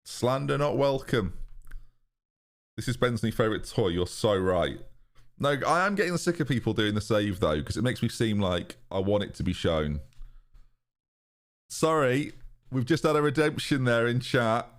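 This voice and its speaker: A man's voice: medium pitch, lively intonation, normal speed. A British man streaming a football management game live, chatting sarcastically and reading out his viewers' messages. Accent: British English. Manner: chatty, sarcastic, reads chat aloud. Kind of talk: casual live-stream commentary.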